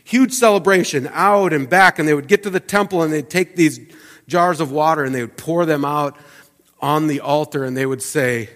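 A man preaching a sermon as pastor, talking in a loose conversational way with fillers and restarts, dropping to soft asides and rising to loud emphatic peaks. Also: on the high side, moderate pace, long reverb tail. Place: church sanctuary.

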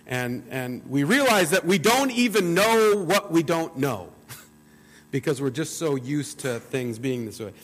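A man's voice: fairly high pitch, animated, unhurried. A man with a Midwestern US accent, a pastor giving a conversational sermon and reading scripture, often repeating words as he restarts. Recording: long hall reverb.

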